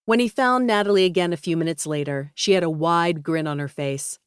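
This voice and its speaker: A woman reading a romance audiobook in a steady, even storytelling voice on a close studio mic. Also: low-pitched, brisk, hardly any pauses, clear, resonant tone, no echo. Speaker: audiobook narrator. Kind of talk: scripted narration.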